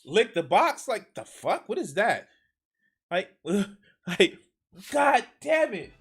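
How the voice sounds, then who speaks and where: A man with a higher voice reacts on a live stream, his pitch swinging widely as he swears and sounds exasperated. He breaks off and restarts sentences often, and his sarcasm cuts through. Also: very animated, slow pace, fairly bright tone, husky. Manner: trails off and restarts mid-sentence.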